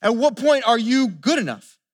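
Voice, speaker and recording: A man's voice: very high-pitched, expressive, moderate pace. A pastor preaching a sermon. He talks earnestly, keeps asking rhetorical questions and stumbles over repeated words as he builds each point. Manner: asks the listeners rhetorical questions.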